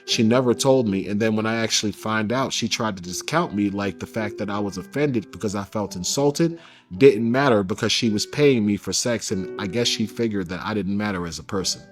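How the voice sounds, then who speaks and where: Man, interview guest, candid storytelling, slangy, animated quotes, faint background music. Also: on the low side, fairly quick. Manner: animated when quoting others, casual slang.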